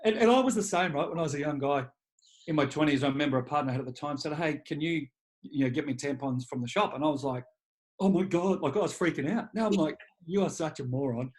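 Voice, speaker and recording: A man's voice: on the high side, fast talker. Blunt, profane man in his forties. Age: 40s. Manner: blunt and profane, animated when quoting himself. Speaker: guest, leadership coach. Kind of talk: candid conversational storytelling.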